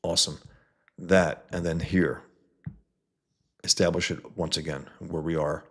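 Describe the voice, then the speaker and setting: A man's voice: low voice, little pitch movement, moderate pace, long pauses, slightly rough. A man from New York reviewing comic books on a live stream in a blunt, profane, enthusiastic way, stuttering on his S sounds. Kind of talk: casual live-stream commentary.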